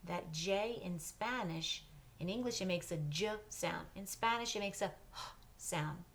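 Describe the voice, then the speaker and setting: A woman leads a children's Spanish lesson at an unhurried, deliberate pace. Her voice sits a little low. She switches between English and Spanish and stops after each word so the class can repeat it. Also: creaky, a bit bright, slight background noise. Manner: patient, pauses for repetition. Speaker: Spanish teacher. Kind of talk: slow drill lesson for children.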